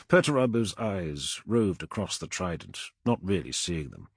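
Husky man narrating an audiobook. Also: deep voice, very animated, moderate pace, few pauses, no room sound, studio quality. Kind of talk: scripted narration.

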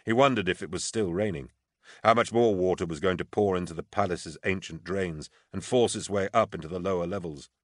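Deep male narrator, measured, dry studio read. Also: no room sound. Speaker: audiobook narrator. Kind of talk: scripted narration.

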